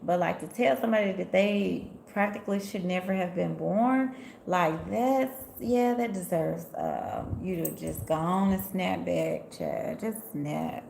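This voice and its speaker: Speaking in a low-ish, gravelly, darkish voice with lively intonation and an unhurried pace, this tarot reader and spiritual healer from Memphis, USA, runs a laid-back live stream, reading out viewer comments. Sassy and chatty, she tells stories, laughs a lot, and addresses her audience directly; the room echoes and there's slight hiss or hum.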